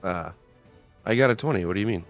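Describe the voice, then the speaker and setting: A man playing a tabletop game, speaking in a hesitant, halting way as he plans his character's moves. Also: on the low side, lively intonation, faint music behind. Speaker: player. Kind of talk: casual chat in a tabletop game.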